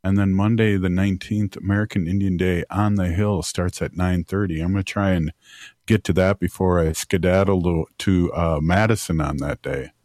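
A man's voice: deep voice, fairly even intonation, moderate pace, darkish tone, dry recording, clean studio sound. A man co-hosting a community radio show, talking in an easygoing way with many fillers. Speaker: radio co-host. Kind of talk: casual radio chat.

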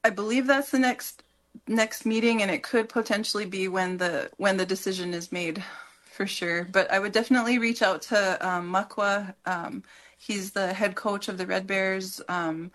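A woman speaking as a guest on a radio talk show, halting and full of fillers and restarts. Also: medium pitch, steady tone, fairly bright tone. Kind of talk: casual radio interview.

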